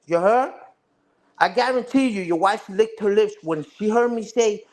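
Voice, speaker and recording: A man's voice: high-pitched, animated, normal speed, darkish tone. A man ranting casually on a livestream, taunting and repeating himself. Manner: taunting, repetitive, says "respectfully" and "you heard".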